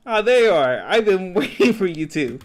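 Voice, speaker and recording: A man doing a high, eager young woman. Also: big pitch swings, moderate pace. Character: excited cheerful young woman adventurer.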